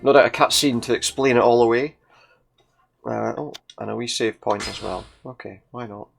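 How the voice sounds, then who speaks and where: A man's voice: mid-range voice, steady tone, moderate pace, gravelly, faint music behind. A young man casually commenting while playing a video game and reading its dialogue aloud. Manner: casual, chatty, reads character lines in varied voices. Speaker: gameplay commentator.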